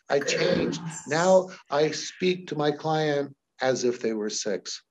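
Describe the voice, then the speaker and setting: A man with a husky voice teaching hypnosis in an animated, demonstrative way, often shifting his voice to show examples. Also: on the high side, slow pace, few pauses. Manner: animated, shifts voice dramatically for demos. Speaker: hypnosis trainer.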